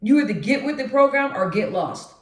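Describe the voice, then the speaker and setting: A woman vlogging straight to camera, with a naturally deep voice she lifts a notch as she talks emphatically. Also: brisk, roomy sound. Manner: emphatic, animated, conversational. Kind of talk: direct-to-camera monologue.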